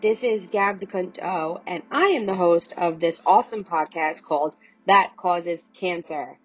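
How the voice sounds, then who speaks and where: A young woman hosting a casual solo podcast, chatty and excited, a little sick with her voice cracking. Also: on the low side, measured pace, husky, rough recording. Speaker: podcast host.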